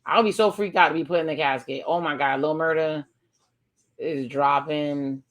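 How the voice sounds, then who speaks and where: A woman's voice: sits low, fairly even intonation, brisk. A woman talking casually through a TV episode, retelling scenes and reacting with exclamations. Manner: chatty, narrates scenes aloud with exclamations. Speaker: reaction video host.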